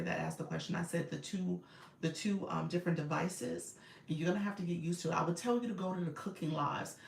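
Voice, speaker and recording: Gravelly woman coaching live from her car. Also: deep voice, reverberant, a little hiss or hum. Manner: chatty, direct, laughs often. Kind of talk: casual livestream coaching. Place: inside a car.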